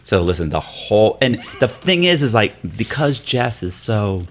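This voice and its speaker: A man with a very deep, low voice tells a story in a casual podcast chat. He talks animatedly and slips into other people's voices. He is recorded in a hotel room set up as a makeshift studio. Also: sing-song, moderate pace. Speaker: podcast guest.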